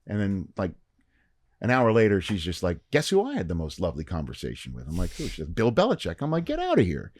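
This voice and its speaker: A man on a podcast as a guest, telling a long story in casual chat and acting out the quoted lines with lively shifts. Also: low-pitched, quick pace, slightly rough, no echo, clean studio sound. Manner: animated storyteller, acts out quoted dialogue. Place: podcast studio.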